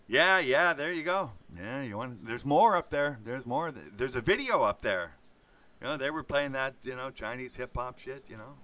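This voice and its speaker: A man's voice: medium pitch, a bit bright. A man hosting a casual monologue, rambling and swearing, with many fillers. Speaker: host.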